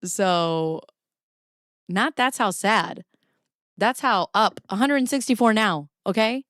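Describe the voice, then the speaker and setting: A woman's voice: mid-range voice, expressive, slow, fairly bright tone, dry recording, clean studio sound. A woman hosting a casual livestream from her home basement, chatty and profane, often laughing as she reads documents and talks to her chat. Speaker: livestream host. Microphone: camera pointed at herself.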